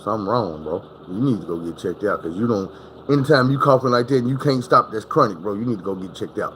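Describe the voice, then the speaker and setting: A man voicing a concerned hospital worker, low and steady, earnestly urging a friend to get checked out. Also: quick pace, slight background noise, poor audio.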